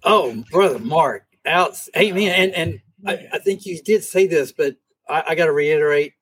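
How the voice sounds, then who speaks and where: Man, slightly high and husky, teaching Bible study on camera with animated retellings. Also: normal speed. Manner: animated, acts out scripture scenes in voices. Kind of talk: casual Bible study discussion. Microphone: camera mic.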